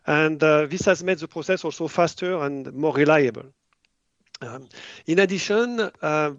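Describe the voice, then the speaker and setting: A man with a French accent talks through his answer with many hesitant fillers. His voice sits fairly high for a man. The sound is dry and a little dull, with no room around it. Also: gravelly, dry recording. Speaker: biotech company CEO, guest. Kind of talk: podcast interview answer.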